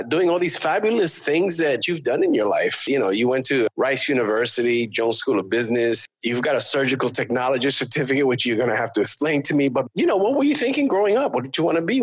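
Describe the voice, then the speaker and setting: A man co-hosting an interview podcast, upbeat and quick to laugh. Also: medium pitch, lively intonation, breathy edge. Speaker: podcast co-host.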